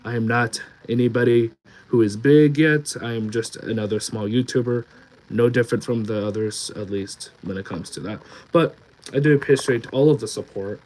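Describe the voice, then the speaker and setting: A man's voice: medium pitch, normal speed, darkish tone, slight background noise, rough recording. Rambling young man chatting on stream. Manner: rambling, reads chat comments aloud, many restarts and fillers. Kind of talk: casual live-stream chat.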